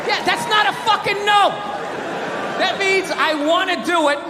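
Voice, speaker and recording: A man doing a stand-up routine on stage, ranting and shouting with lots of profanity. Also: very high voice, a little slow, big-room sound. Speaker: stand-up comedian. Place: comedy stage with live audience. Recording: live crowd audio with noise.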